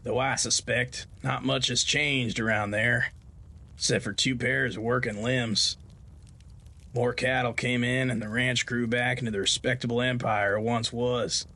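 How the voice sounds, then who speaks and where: A male podcast host narrates a Western horror tale in a folksy, homespun way. His voice sits at a middle pitch for a man. He tells the story at an unhurried, storytelling pace. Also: fairly even intonation, sharp tone.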